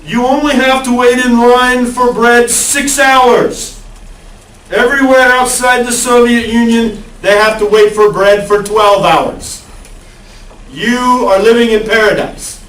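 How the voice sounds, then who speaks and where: A man's voice: very high-pitched, fairly even intonation, takes it slowly, fairly bright tone, pitched above the performer's own voice, full character voice. A man voicing a boasting male Soviet official with an exaggerated mock Russian accent. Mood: boastful. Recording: echoey classroom, far from the mic.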